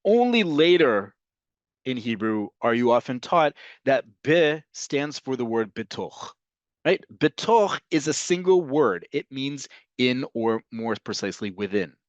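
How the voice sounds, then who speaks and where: A man teaching an online language lesson, explaining slowly and repeating each example. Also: medium pitch, lively intonation, no echo, muffled recording. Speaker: Hebrew teacher.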